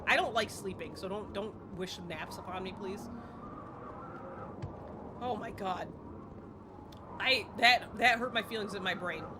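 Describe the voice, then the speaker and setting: A young woman live-streaming a game, chatting casually and excitably and breaking into squeals. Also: medium pitch, a little slow, pauses often, noisy background.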